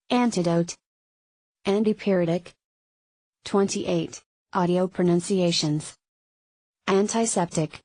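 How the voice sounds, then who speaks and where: A woman reads a medical terminology lesson aloud in a steady, deliberate way. Her voice sits a little low and moves slowly. The sound is close and dry, with no room around it. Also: no room sound, rough recording. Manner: flat, measured word-by-word reading. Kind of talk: reading textbook pages aloud.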